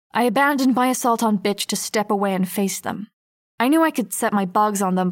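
A woman's voice: mid-range voice, no room sound, studio quality, natural voice. A woman voicing a wary teenage girl narrating her story. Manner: steady, tense storytelling. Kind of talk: first-person audiobook narration.

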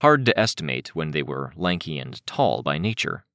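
A man with a very deep voice narrating an audiobook, even and matter-of-fact, with a lively rise and fall. The recording is dry and close. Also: normal speed, dry recording.

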